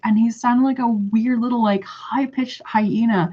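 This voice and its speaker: A woman's voice: on the high side, steady tone, a little slow, hardly any pauses. Rambling woman on a dull lo-fi recording. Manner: rambling, hesitant, trailing off. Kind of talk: casual storytelling monologue.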